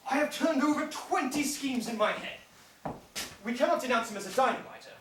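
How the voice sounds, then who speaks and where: Actor doing a witty scheming gent, high lively voice, echoey stage far off. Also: brisk, background noise. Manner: wry, theatrical, plotting. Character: scheming gentleman plotter, witty and theatrical. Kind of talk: live stage play acting. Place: theater stage.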